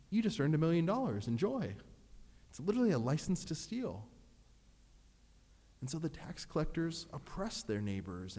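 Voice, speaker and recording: Mellow-voiced pastor in echoing hall. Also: male voice, on the high side. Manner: earnest, expressive, acts out prayers in his own voice. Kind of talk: sermon.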